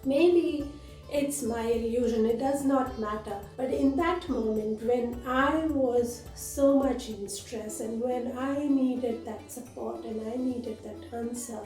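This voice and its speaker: A woman's voice: on the high side, slow pace, faint music behind. Earnest woman, roomy distant sound. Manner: earnest, gently emotional storytelling. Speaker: yoga teacher and channel host. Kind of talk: spiritual talk to camera.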